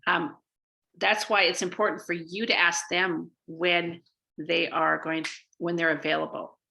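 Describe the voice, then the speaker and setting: A woman's voice: lowish voice, level tone, unhurried, gravelly, pushed and bright. A woman from Canada giving a casual sales training talk, chatty, with many fillers and restarts.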